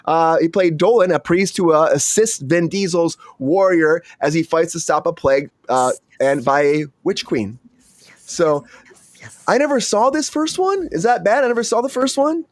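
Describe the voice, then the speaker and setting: A man hosting a casual entertainment news chat, excitable and rambling with frequent restarts. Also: on the high side, moderate pace, no echo. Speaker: host.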